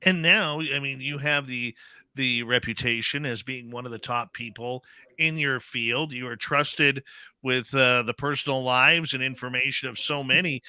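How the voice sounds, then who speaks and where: A man's voice: medium pitch, steady tone, moderate pace, sharp tone, smooth, no echo. A man hosting a radio show who asks his guest questions in a playful, admiring way. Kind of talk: interview questions.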